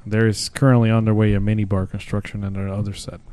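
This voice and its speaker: A man's voice: on the low side, flat delivery, fast, warm tone. A man joking around as a podcast co-host. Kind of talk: casual podcast banter.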